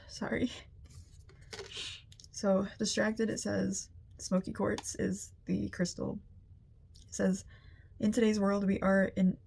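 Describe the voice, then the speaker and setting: Young woman, energy reader, empathetic, mellow dark tone, flat delivery. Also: medium pitch, gravelly, slightly rough. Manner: chatty, empathetic, many "like" fillers. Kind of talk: casual spiritual reading to camera.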